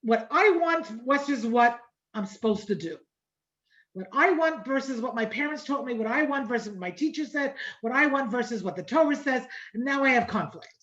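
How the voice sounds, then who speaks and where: A woman's voice: a little high, animated, moderate pace, a bit bright. A middle-aged woman teaching an online Torah class in a conversational manner, repeating phrases and checking in with the listeners. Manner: conversational, repeats phrases and asks "right?" often. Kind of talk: informal lecture. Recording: dull lo-fi online class audio.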